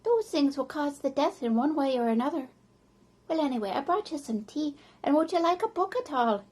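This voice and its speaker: A woman voicing a worried, caring wife who speaks gently and softly. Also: high voice, animated, brisk, pitched above the performer's own voice. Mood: concerned.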